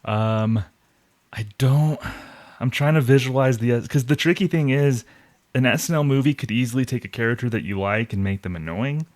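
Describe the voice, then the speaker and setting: A man co-hosting a podcast in relaxed casual chat, enthusiastic as he comments. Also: medium pitch, normal speed. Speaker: podcast co-host.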